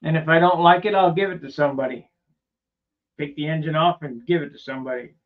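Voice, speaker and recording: A man's voice: a little high, fast talker, narrow, tinny audio. A man hosting a casual workshop vlog on building model airplanes, talking in a rambling, plainspoken way with loose asides.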